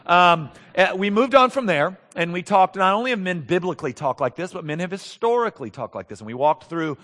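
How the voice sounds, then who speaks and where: Pastor, male, fairly high voice, earnest sermon delivery with a long hall echo. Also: expressive, brisk, a bit bright. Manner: earnest, emphatic, often repeats words while building points.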